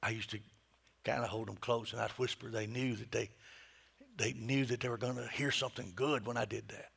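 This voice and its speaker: Middle-aged male pastor, sermon delivery, husky gravelly voice, swings from hushed to booming. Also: steady tone, a little fast. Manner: dynamic preaching, swinging from hushed whispers to loud emphatic peaks.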